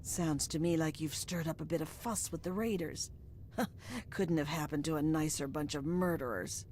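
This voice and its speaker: Woman playing a calm scheming game rebel. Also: low-pitched, moderate pace, a little hiss or hum, close to an everyday voice. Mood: conspiratorial.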